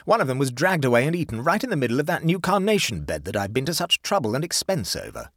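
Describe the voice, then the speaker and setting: A man reading aloud, voicing an agitated, indignant country gentleman in a story. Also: mid-range voice, huge pitch swings, quick pace, dry recording, clean studio sound, voice pushed up, full character voice. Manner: indignant, fuming.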